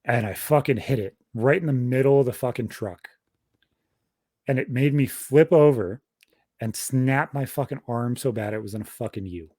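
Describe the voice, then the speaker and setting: A man's voice: mid-range voice, moderate pace, dry recording, clean studio sound. A young man casually telling a long story on a podcast, swearing constantly and rambling through details. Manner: profane, rambling, animated storytelling. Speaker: podcast host.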